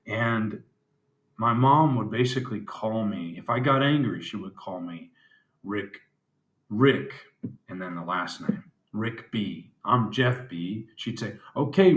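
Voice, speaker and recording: Low-voiced man in a roomy echo. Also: a bit bright. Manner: halting, reflective, many pauses and fillers; candid, plain-spoken. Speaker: video diary host. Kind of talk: personal confessional vlog.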